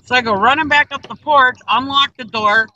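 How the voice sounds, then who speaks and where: A woman's voice: high voice, normal speed, pushed and bright, highs cut off. A middle-aged woman on a group video call, telling a rambling story in casual chat and acting out the people in it. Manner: rambling, acts out quoted exchanges.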